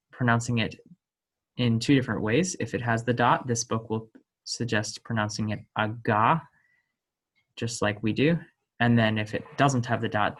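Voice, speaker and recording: A man gives an unscripted language lesson at a very slow, unhurried pace. He hesitates often and corrects himself as he goes. He sounds out each example with care, in a voice of middling pitch. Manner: slow, hesitant, many ums and self-corrections; voices sample sounds with emphasis. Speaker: teacher.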